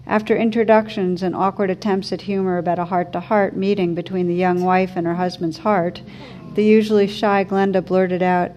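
A woman teacher giving a slow, gentle reflective talk, reading a story aloud. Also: on the low side, flat delivery, slight background noise. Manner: slow, gentle, thoughtful delivery.

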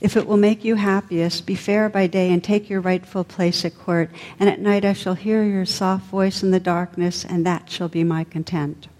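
An earnest, devoted young knight speaks with feeling, as a woman reading a storybook puts him on. The tone is dark and mellow, and the voice rings in a long hall reverb. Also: medium pitch, steady tone, moderate pace, hardly any pauses, close to an everyday voice. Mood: tender.

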